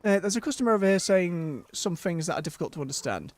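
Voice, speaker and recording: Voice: medium pitch, lively intonation, fast talker, soft background music, pitched above the performer's own voice, close to an everyday voice. A streamer reading the lines of a patient, matter-of-fact tea-shop keeper in a near-natural voice.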